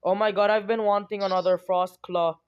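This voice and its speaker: With a smooth, mid-range voice at a fairly quick pace, a young adult streamer delivers excited gameplay commentary full of giggles, squeals and dramatic self-talk. The sound quality is lo-fi.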